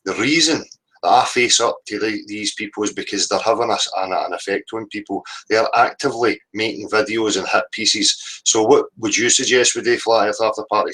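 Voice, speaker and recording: A man's voice: fairly low pitch, sharp tone, poor audio. A man hosting a livestream, combative and sweary, repeatedly asking "right?" as he rants. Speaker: livestream host. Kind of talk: heated livestream rant.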